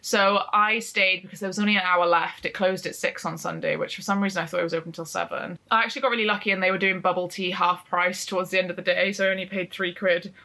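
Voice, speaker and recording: Young woman with a bright, sharp tone, chatty vlogger storytelling and casually sweary. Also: on the low side, fairly even intonation, fast, creaky, few pauses.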